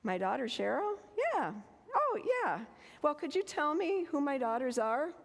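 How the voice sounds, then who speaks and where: A confused elderly mother, put on by her daughter, asks the same things again and again in a hurried, fretful voice. The words pile up and trip over each other. Her voice rings out with the long reverb of a church hall. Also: high-pitched, sing-song, gravelly, pitched above the performer's own voice, heavily acted. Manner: agitated, quick and repetitive.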